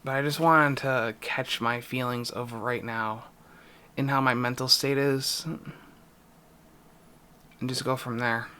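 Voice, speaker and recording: A young man in an emotional vlog confession, distressed and near tears, speaking haltingly with pauses and a voice that drops. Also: medium pitch, fairly even intonation, sharp tone, clear, resonant tone. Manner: halting, pausing, voice dropping. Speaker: YouTuber.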